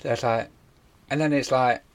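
A man's voice: mid-range voice, fairly even intonation, normal speed. A man, casually retelling a TV episode on a podcast, rambling with many fillers. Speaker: podcast co-host. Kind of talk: casual chat.

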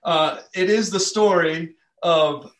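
A man's voice: on the high side, slow, reverberant. A man preaching a sermon, telling a story in an earnest, conversational way. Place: church.

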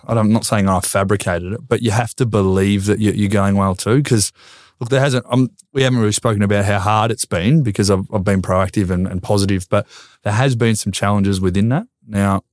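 A man's voice: fairly low pitch, darkish tone, no echo, studio quality. A man in his thirties with an Australian accent, a former footballer talking as a podcast guest. He is earnest and reflective, and he often repeats words while he works out a thought. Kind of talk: casual conversation.

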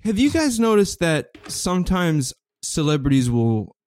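A man's voice: fairly high pitch, sing-song, darkish tone, dry recording. A man co-hosting a comedy podcast, wry and teasing, drawing his words out. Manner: wry, teasing, drawn-out delivery. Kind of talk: improvised comedy banter.

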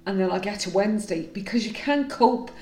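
A woman's voice: medium pitch, a little fast, darkish tone. Woman in her 30s, raw honest chat, swears a lot, roomy echo. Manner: emotional, frank, swears freely. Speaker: podcast co-host. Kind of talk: candid casual chat. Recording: roomy echoey room.

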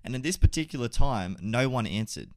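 A young man hosting a gaming podcast, telling a story casually, animated and swearing, laughing mid-sentence. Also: mid-range voice, a little fast, no room sound, studio quality. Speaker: podcast host.

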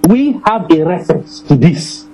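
A man preaching a sermon to his congregation, emphatic, repeating phrases and slowing down to stress scripture. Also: high voice, sing-song, mellow, a little hiss or hum, rough recording.

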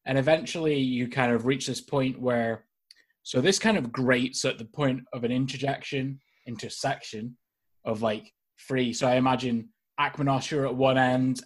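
Man, dungeon master, husky, halting casual narration, video call. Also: medium pitch. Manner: casual, hesitant narration with many fillers. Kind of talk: narrating a tabletop game.

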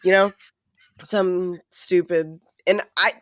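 A podcast co-host chatting casually and joking around, with plenty of swearing along the way. The voice sits at a middle pitch for its kind. It is recorded close and dry, with almost no room sound. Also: takes it slowly, dry recording. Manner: animated, profane and joking. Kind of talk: casual chat. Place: lives in New York City.

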